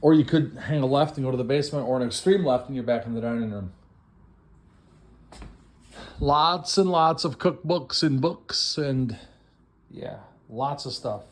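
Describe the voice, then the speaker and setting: A man giving a playful, self-mocking walk-through of a house set up for an estate sale, breaking into excited exclamations. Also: medium pitch, normal speed, pauses often. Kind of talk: walk-through tour narration.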